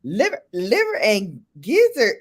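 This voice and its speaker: A woman hosting a casual live stream, teasing and laughing in an unhurried way. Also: medium pitch, huge pitch swings.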